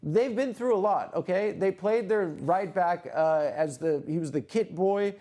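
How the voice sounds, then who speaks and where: Excitable, rambling podcast host. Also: male voice, high voice, unhurried. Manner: excitable, profane, rambling riffs. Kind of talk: casual comedic podcast chat.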